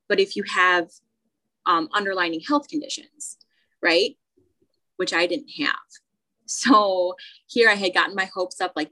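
A woman co-hosts a podcast in relaxed conversation, telling her story with lively momentum. She often backtracks and restarts her sentences. Her voice sits fairly low but rings with a bright, forceful edge. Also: low-quality recording. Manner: animated storytelling with many restarts. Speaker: podcast co-host. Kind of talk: casual chat.

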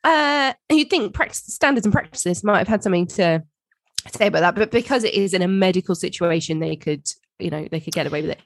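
A woman's voice: on the low side, brisk, no room sound. A woman co-hosting a podcast, chatting casually about a TV show and acting out quotes. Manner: chatty, lively, acts out quotes. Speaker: podcast co-host.

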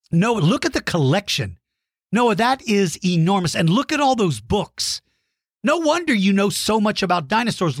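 Man, high voice, very lively delivery, dry close sound; upbeat podcast host praising kids' drawings and fossils. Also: dry recording. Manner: warm, encouraging, playful with kids. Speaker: podcast host reading listener mail. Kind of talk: enthusiastic shout-outs to kids.

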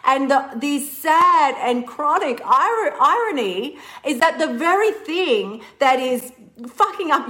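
A woman, a weight-loss coach giving a casual livestream pep talk, animated and laughing often, swearing freely and calling listeners honey. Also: mid-range voice, low-quality recording.

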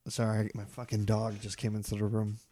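A man's voice: fairly low pitch, completely flat delivery, a little fast, mellow. A man hosting a podcast, asking questions in a laid-back, joking way and swearing casually. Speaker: podcast host. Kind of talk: casual interview chat.

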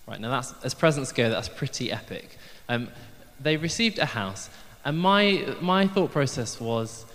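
A man's voice: medium pitch, lively intonation, unhurried, few pauses, fairly bright tone. A man giving a light-hearted church sermon, chatty and self-deprecating, with frequent ums. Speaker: preacher. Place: church hall. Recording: long hall reverb.

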